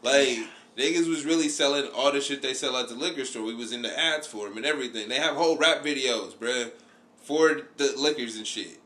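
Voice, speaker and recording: A man hosting a podcast in loose casual chat, animated, swearing freely and laughing often. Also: medium pitch, brisk. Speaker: podcast host.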